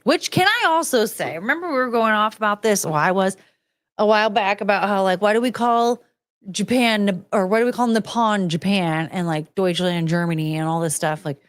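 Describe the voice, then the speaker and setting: A woman's voice: mid-range voice, moderate pace, no room sound. A woman hosting a podcast in casual chat, ranting, rambling and swearing freely. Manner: rambling, loses her train of thought. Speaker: podcast host.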